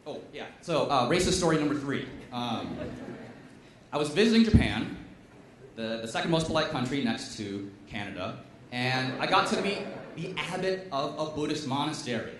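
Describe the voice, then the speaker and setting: A man's voice: mid-range voice, lively intonation, moderate pace, noisy background. Dry-toned man doing stand-up in an echoey venue. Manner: dry, self-deprecating delivery. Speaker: comedian. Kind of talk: stand-up storytelling. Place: stage at a live comedy show. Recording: echoey venue with faint ambience.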